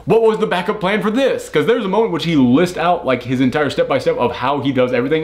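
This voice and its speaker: A man's voice: fairly high pitch, brisk. A man co-hosting a casual movie review, rambling and laughing at his own mix-ups, sleep-deprived. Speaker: film review co-host.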